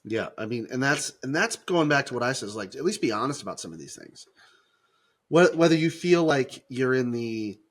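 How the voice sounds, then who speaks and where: A middle-aged man talks through faith topics in a loose, animated way, stumbling and restarting as he goes. His voice sits at an ordinary pitch for a man, and he slips into quick little acted-out voices of other people. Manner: animated, acts out quoted voices, many restarts. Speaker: podcast co-host. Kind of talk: casual faith discussion.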